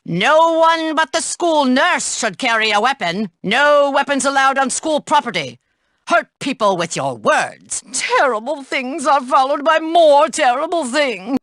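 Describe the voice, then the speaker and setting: A woman's voice: sits high, a bit bright, no room sound, studio quality, exaggerated voice. An actress playing a stern female school staff member in a video game, lecturing and scolding about the rules.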